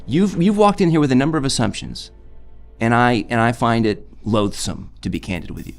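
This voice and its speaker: A man's voice: mid-range voice, lively intonation, a little fast, soft background music. A man playing a bossy, exasperated casting director in an improv comedy scene.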